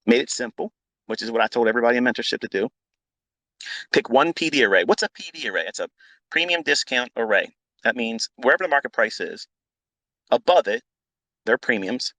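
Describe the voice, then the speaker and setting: A middle-aged man rants at his listeners in a blunt, profane, unscripted way, repeating his points and flaring into loud outbursts. His voice sits at an ordinary male pitch, and the sound is dry and close with no room echo. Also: animated, brisk, pauses often. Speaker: trading educator hosting a live audio chat.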